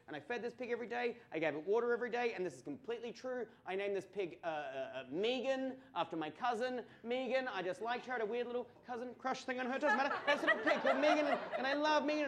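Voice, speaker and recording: Australian man, high voice, stand-up comic, animated and crude. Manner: animated, crude storytelling with swearing and mock outbursts. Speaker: stand-up comedian. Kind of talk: stand-up comedy storytelling.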